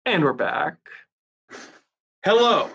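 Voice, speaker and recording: A man's voice: sits high, expressive, slow pace, vocal fry, bright, forceful tone, slight background noise. A man hosting a casual movie podcast, rambling with many fillers. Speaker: podcast host.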